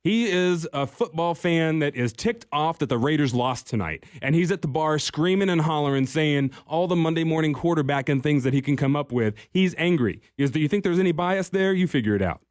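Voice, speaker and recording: A man's voice: a little high, lively intonation, a little fast, few pauses, a little mellow, no room sound, studio quality. A man hosting a political talk radio show, speaking in a conversational, emphatic way with occasional restarts.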